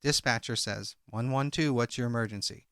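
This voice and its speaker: Man, podcast co-host, bright voice, dry close sound, reads out quoted lines. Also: medium pitch, normal speed, dry recording. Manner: recounts a transcript, reading out each speaker's lines in turn. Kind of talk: true crime podcast retelling.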